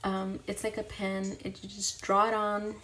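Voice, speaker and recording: A woman's voice: mid-range voice, monotone, moderate pace, a bit bright. A young woman chatting casually while she does her makeup on camera, talking herself through each step. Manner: chatty, self-deprecating, talks to herself mid-task. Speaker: beauty vlogger. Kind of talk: casual get-ready-with-me chat while doing makeup.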